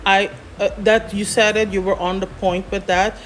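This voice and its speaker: Woman walking through script basics, chatty, lots of um and you know, mid pitch. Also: level tone, moderate pace, faint music behind. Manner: chatty, many fillers, explains step by step. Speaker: scriptwriter guest. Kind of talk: explaining scriptwriting in a casual chat.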